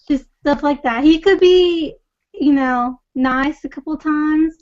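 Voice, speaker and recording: A woman's voice: high-pitched, slow, darkish tone, dry recording. A woman from Pakistan, a podcast guest, rambling through casual stories with many fillers. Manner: rambling, giggly, lots of fillers. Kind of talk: casual chat. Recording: dull lo-fi sound, dry room.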